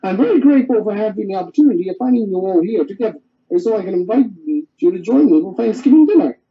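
A man's voice: sits high, expressive, quick pace. A man voicing a polite, cheerful young boy in a storybook reading, on a dull lo-fi home recording.

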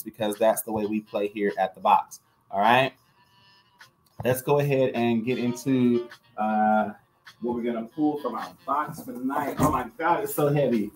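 Live-sale host: man, mid-pitched, chatty and upbeat, faint music underneath. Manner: chatty and upbeat, talks straight to viewers. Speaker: live-stream jewelry seller and host. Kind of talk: live-stream sales chat.

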